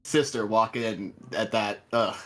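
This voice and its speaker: A man's voice: on the low side, steady tone, unhurried, a bit bright. A young man, a guest on a casual live show, joking and telling self-deprecating stories.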